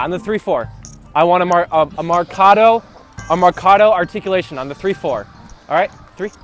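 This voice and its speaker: A young man teaching a band rehearsal, counting off beats, singing rhythms and coaching breathing and articulation. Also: sits high. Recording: music playing in the background.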